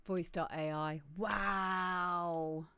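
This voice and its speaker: A woman's voice: medium pitch, a little slow, clean tone, no room sound. A woman with a British accent hosting a live music stream, chatting casually as she reacts to a video. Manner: easygoing, reacting aloud to a video.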